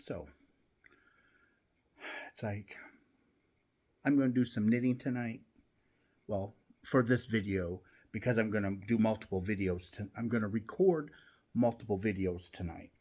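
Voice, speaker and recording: This is a man hosting a knitting channel who chats casually at home while his needles work. His voice is husky and breathy, a little low, and he takes his time. He rambles and restarts his sentences. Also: a little slow, pauses often, a little mellow. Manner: rambling, chatty, with many restarts.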